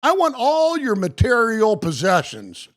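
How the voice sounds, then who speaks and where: A man live-streaming, joking with viewers by name and reading case law aloud slowly and with emphasis. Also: extremely high pitch, wildly swooping pitch, a bit bright. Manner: slow, emphatic reading of legal text.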